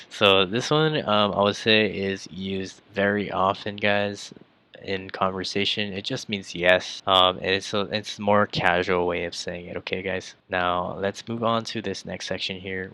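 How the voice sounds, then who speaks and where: A man with a low voice gives a relaxed online language lesson. His pitch stays fairly even, and his tone has a bright, forceful edge. He talks loosely, with plenty of um and like, and keeps addressing his viewers as guys. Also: a little slow. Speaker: language teacher. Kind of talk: casual explanatory lesson.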